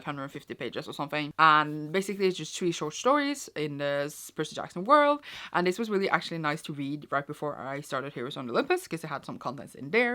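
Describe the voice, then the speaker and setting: A young woman who vlogs about books does a casual wrap-up from a cold room at home. Her low voice is a bit bright, and she chats and rambles with many fillers and restarts.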